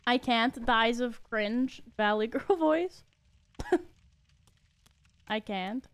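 Woman game streamer: high-pitched, playful and giggly, easygoing and slow. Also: clean tone, dry recording. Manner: giggly, playful, chats with viewers. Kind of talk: casual gaming commentary.

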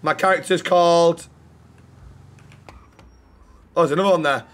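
A man's voice: on the high side, fairly even intonation, unhurried, a bit bright. A man streaming a roleplay game, chatting casually with lots of swearing and teasing banter.

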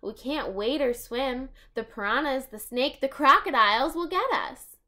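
A woman's voice: sits high, expressive, measured pace, pitched above the performer's own voice, full character voice. A woman voicing an adventurous young girl who calls out eagerly in a storybook reading. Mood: worried. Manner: shouty, eager.

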